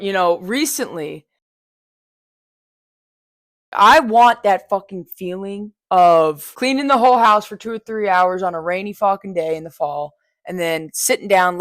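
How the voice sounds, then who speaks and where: A young woman hosts her own podcast in a loose, confessional monologue, frank and heavy on profanity. Her voice sits on the lower side for a woman. The sound is close and dry, with no room echo. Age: young adult. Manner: blunt, frank, swears freely, chatty asides. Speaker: podcast host. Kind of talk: casual personal monologue.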